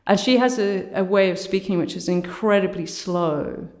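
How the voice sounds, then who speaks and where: A woman artist with a low voice, speaking thoughtfully as an interview guest and often saying "you know" and "sort of". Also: normal speed, a little mellow. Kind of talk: reflective conversational interview. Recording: roomy echo.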